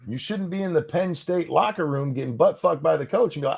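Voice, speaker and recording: Man, podcast co-host, gravelly, husky, lively swinging pitch, profane sarcastic rant. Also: brisk. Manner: profane, sarcastic, heated ranting.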